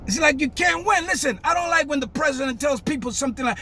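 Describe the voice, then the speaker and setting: An older man, giving a fiery, emphatic monologue that breaks into shouting. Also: very high voice, lively intonation, fast talker. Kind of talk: impassioned monologue.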